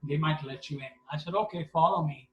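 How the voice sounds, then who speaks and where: A man, telling stories at a devotional gathering and acting out the quotes in lively voices. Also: a little high, a little fast, highs cut off. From India. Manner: animated, acts out quotes with voices. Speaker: satsang speaker. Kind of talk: storytelling talk. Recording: echoey room, from a distance.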